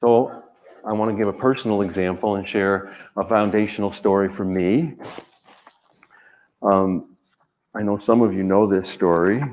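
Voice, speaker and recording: A man, an author, speaking gently and reflectively in short measured phrases, then reading his own writing aloud. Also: low voice.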